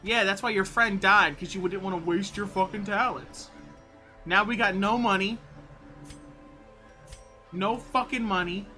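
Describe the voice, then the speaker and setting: Streamer, live gameplay commentary; bright, sharp tone; swears freely, exasperated. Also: mid-range voice, steady tone, measured pace, pauses often, soft background music. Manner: profane exasperated ranting.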